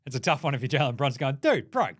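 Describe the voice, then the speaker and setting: A man with an Australian accent hosting a sports show, excitable and sweary, cracking jokes. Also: mid-range voice, very fast. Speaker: podcast host. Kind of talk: energetic sports commentary.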